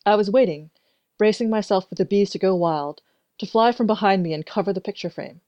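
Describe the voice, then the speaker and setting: A woman narrating a first-person story in an even, measured way. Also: medium pitch, dry recording. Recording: dry, dull lo-fi recording.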